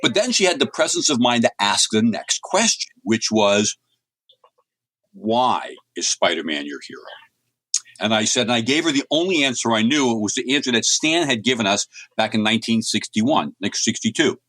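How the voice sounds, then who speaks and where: In this interview, the guest is a middle-aged American comics writer who talks fairly quickly, hardly pausing, in a mid-range, somewhat bright voice with lively intonation. His chatty, casual anecdotes ramble and restart again and again, recorded without echo.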